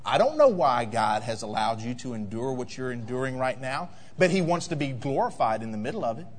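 A man preaching a sermon as pastor, animated and firing rhetorical questions at the congregation. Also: mid-range voice, brisk, in a large hall. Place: church sanctuary.

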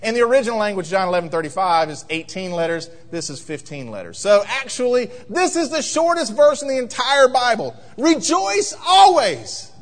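A man preaching a sermon as pastor, animated and firing rhetorical questions at the congregation. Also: high-pitched, big-room sound. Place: church sanctuary.

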